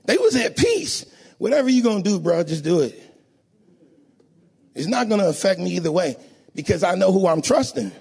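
A man preaching a sermon in a church, emotional and rising to sing-song shouts, often asking the congregation to agree. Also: high-pitched, sing-song, moderate pace, creaky, pauses often, breathy edge. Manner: call-and-response, asks audience to agree.

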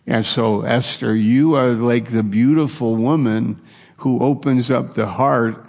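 A man's voice: medium pitch, creaky, long reverb tail. A man preaching a sermon earnestly, acting out the dialogue of Bible figures and restarting his phrases often.

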